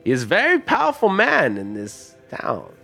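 A man voicing a shrewd, coin-loving male priest, speaking formally and bargaining in measured tones in a tabletop game. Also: high voice, huge pitch swings, vocal fry, bright, forceful tone, breathy edge, soft background music, voice pushed up, full character voice. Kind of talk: tabletop role-play as a character.

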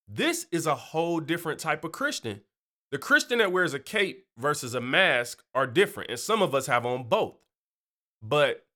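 A man with a bright, lively voice gives a casual faith talk. He leaps up and down in pitch while he explains, chatty and animated. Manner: animated, chatty, keeps asking "you know". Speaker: Christian speaker.

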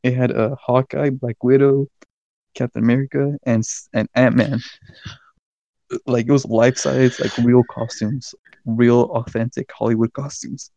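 Young male co-host, animated rambling storyteller with a profane streak; warm-toned, muffled lo-fi mic. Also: mid-range voice, unhurried, no room sound. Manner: rambling, swears a lot, animated retelling. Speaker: podcast co-host. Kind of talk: casual storytelling chat.

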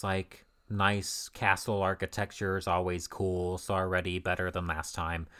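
Low-pitched yet a bit bright, his voice comes across clear and resonant. He co-hosts a podcast, running through an old comic with dry sarcasm and plenty of swearing.

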